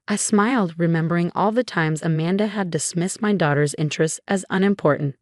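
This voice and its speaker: A woman reading a scripted first-person story in a calm, steady way. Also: on the low side, brisk, few pauses, dry recording, clean studio sound. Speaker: narrator.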